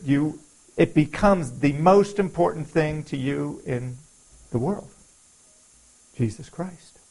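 A man's voice: on the high side, a little mellow, low-quality recording. A man preaching a sermon in an earnest, confessional way, quoting scripture and repeating phrases for emphasis.

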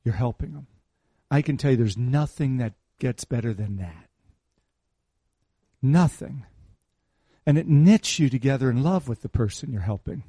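A man's voice: medium pitch, expressive, normal speed, long pauses, warm tone, breathy edge, no room sound, clean studio sound. A man, a pastor, preaching an informal sermon in a conversational way, repeating key phrases for emphasis and slipping in teasing asides to people in the congregation.

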